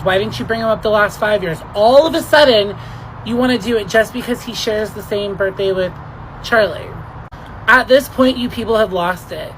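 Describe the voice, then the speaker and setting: A woman's voice: mid-range voice, fairly bright tone, slight background noise, poor audio. A woman delivering an indignant vlog rant, firing off exasperated rhetorical questions. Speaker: commentator.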